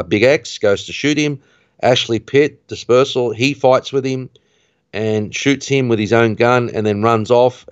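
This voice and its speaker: A man hosting a podcast, casually recapping a film plot in an animated way, his voice rising at the tense moments. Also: fairly low pitch, dry recording. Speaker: podcast host. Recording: dull, dry lo-fi recording.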